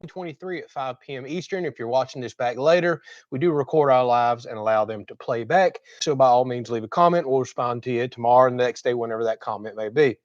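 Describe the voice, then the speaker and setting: A man from Florida, slightly hoarse, hosting a casual livestream chat from outdoors in a chatty, folksy, rambling way. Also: medium pitch, a little fast, few pauses, dry recording, lo-fi sound. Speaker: livestream host. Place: outdoors at a home cooking spot.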